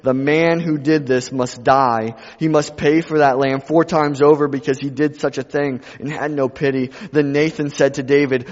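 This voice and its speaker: A man's voice: medium pitch, fairly even intonation, normal speed, hardly any pauses. Man preaching in an echoing hall. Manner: swings from quiet to loud, repeats phrases for emphasis. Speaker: pastor. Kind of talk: sermon. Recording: dull sound with long reverb in a hall.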